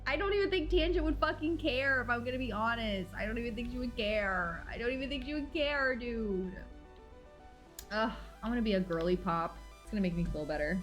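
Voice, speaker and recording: Girl streaming a story game, reads and reacts a lot, bouncy pitch, soft music under. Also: a little fast. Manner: expressive, swings from dramatic outbursts to mumbling. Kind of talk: live game playthrough and reading aloud.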